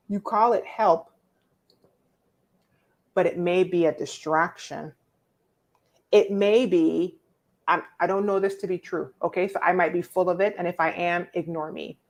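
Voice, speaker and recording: A woman, hosting a casual live-stream coaching talk, reading viewer comments and answering them in an expressive, preacherly way. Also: fairly low pitch. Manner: expressive and preacherly, teasing viewers by name, emphatic repetition.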